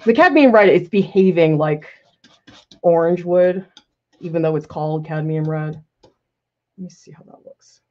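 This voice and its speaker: A woman art teacher talks through a live painting demo in a relaxed, self-critical way, laughing now and then as she answers viewers. Her voice sits on the low side, and the recording sounds slightly dull and lo-fi. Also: a little slow, pauses often. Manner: casual, self-critical thinking aloud, laughs often. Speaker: art professor. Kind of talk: live painting demonstration with chat questions.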